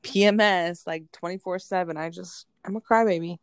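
Low-voiced chatty woman. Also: moderate pace, clear, resonant tone, no echo, clean studio sound. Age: 30s. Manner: chatty, animated, acts out quotes. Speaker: podcast co-host. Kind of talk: casual chat.

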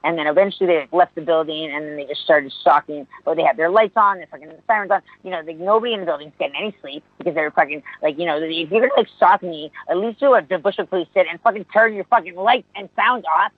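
A woman's voice: sits low, fast, hardly any pauses, no echo. A woman hosting a call-in radio show, telling a story in a rambling, agitated way with lots of swearing, fillers and restarts. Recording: tinny phone-line sound.

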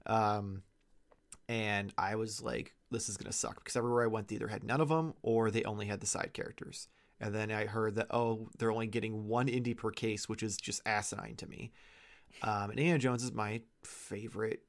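Gravelly, low-voiced man chatting casually. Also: little pitch movement, brisk. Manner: stammering, repeats words when starting thoughts. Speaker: podcast co-host. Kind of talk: casual chat.

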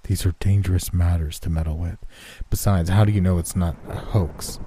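A man's voice: sits low, steady tone, moderate pace, dark tone, a little hiss or hum, close to an everyday voice. A man doing a stiff, skeptical chaplain. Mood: dismissive. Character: skeptical male prison chaplain, stiff and curt.

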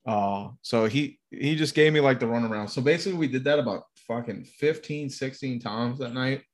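A man with a middle-pitched voice spins a rowdy anecdote in loose, casual chat. He swears freely and throws himself into the telling, jumping into higher, frantic voices when he acts out other people. The delivery is loose and conversational. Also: moderate pace. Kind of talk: casual profane storytelling.

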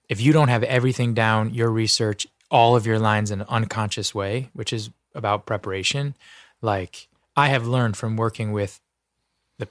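Man, actor guest, earnest, heartfelt, halting restarts, dry close studio sound. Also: lowish voice, no room sound. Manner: earnest, heartfelt, full of restarts and "you know". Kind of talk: casual interview talk.

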